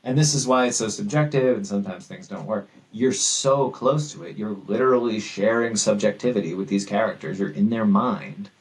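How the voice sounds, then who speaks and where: A man with a low voice talks through his ideas as a podcast guest. He sounds thoughtful yet animated, with a self-deprecating streak. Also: moderate pace, hardly any pauses, rough recording. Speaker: guest author. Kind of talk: casual interview chat.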